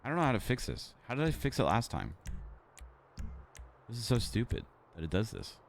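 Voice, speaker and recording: A man's voice: mid-range voice, sing-song, brisk, creaky, slight background noise. A man streaming, rambling casually with lots of fillers and restarts into an XLR mic at his home setup.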